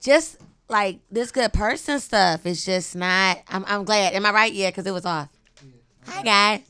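A woman's voice: mid-range voice, a little slow, bright, forceful tone, clean tone, no room sound. A woman from Detroit co-hosting a podcast in laid-back, chatty talk that trails off mid-sentence. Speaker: podcast co-host. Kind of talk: casual chat. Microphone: podcast headset.

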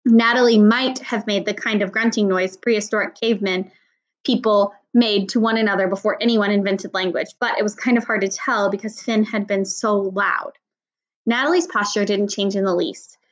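A woman reading a children's novel aloud in steady storytelling narration. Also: medium pitch, moderate pace, low-quality recording. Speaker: audiobook reader.

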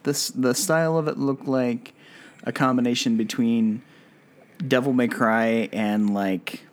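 A man's voice: medium pitch, steady tone, measured pace. A man co-hosting a casual talk show, laid-back and often agreeing. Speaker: podcast co-host. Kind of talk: casual chat about video games.

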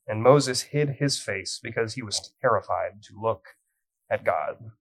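A man's voice: on the low side, fairly even intonation, normal speed, low-quality recording. A young man, a youth pastor, preaching a sermon, telling the story with light humor and reading scripture dramatically.

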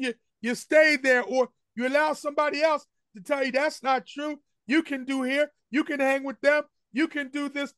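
A man preaching from the pulpit in a strikingly high voice, pressing each point with repeated refrains. The sound is close and dry, with hardly any room around it. He speaks straight to the congregation, and they answer him. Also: a bit bright, no echo. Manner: emphatic call-and-response preaching with repeated refrains. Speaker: senior pastor. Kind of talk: sermon. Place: church sanctuary.

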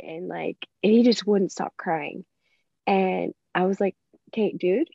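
A woman's voice: measured pace, vocal fry, dark tone, dry recording. Chatty woman host, dull dry recording. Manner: chatty, laughs often, acts out quotes with big pitch jumps. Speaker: podcast host. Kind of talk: casual chat.

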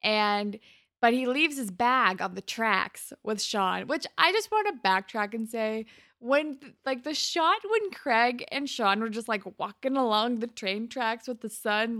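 A woman's voice: fairly high pitch, fairly bright tone, no echo. Chatty young woman, dry close sound. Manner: chatty, loose storytelling with many fillers and quoted lines. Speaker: podcast co-host. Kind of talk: casual chat recapping a TV episode.

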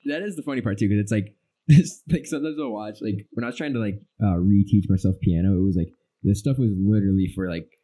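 A young man co-hosting a podcast rambles through stories in casual chat, acting out his own reactions. His voice is lowish and warm, and he talks fast.

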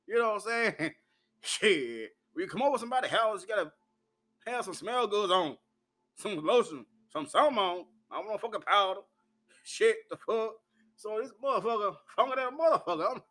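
A brash man with a fairly high voice hosts his own uncensored talk show. He swears freely, laughs often and tells his stories with loud, unfiltered bluntness. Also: expressive, a little fast. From Memphis, US. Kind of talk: uncensored solo monologue.

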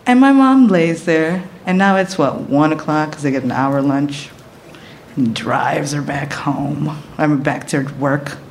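A woman in her thirties telling a personal story, animated and profane, often laughing as she talks. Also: deep voice, measured pace, slight background noise.

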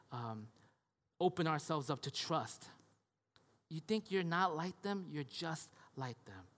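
A man's voice: fairly high pitch, big-room sound. A male pastor preaching a conversational sermon, often restarting words and checking in with his listeners.

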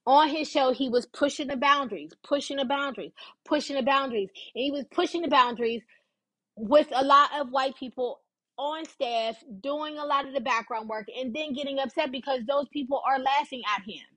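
A woman's voice: high-pitched, fairly quick, a bit bright, no echo, poor audio. A woman hosting a podcast and giving casual opinion commentary in an informal, emphatic way, repeating points for stress.

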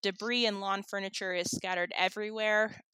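A woman co-hosting a podcast, recapping an episode in relaxed storytelling with small laughs. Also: medium pitch, moderate pace, clean tone, no room sound. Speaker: podcast co-host.

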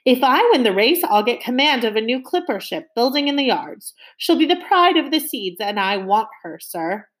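A woman's voice: fairly high pitch, sing-song, moderate pace, few pauses, pitched above the performer's own voice. Woman putting on a bellowing old sea captain. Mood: blustering. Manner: loud, blustering, barking orders. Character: gruff bellowing older male sea captain.

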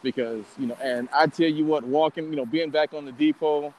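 A man who served as a Marine, speaking in a measured, reflective, earnest way in casual chat. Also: on the high side, fairly even intonation, darkish tone, rough recording. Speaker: Marine veteran guest.

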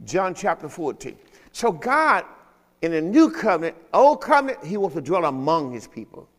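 A man with a notably high voice delivers a sermon, pressing each point with emphasis and frequent questions to his listeners. His voice rings out with a long reverb, as in a church hall. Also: sing-song, moderate pace, a bit bright. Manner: emphatic, repeatedly checks understanding with questions. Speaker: pastor. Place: church service.

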